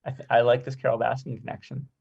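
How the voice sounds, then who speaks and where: A man joins a film podcast as a guest and offers measured, thoughtful remarks. His voice has a middle pitch. The sound comes through dull and lo-fi. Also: level tone, gravelly, a little mellow, slightly rough. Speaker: guest screenwriter. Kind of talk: casual film discussion chat.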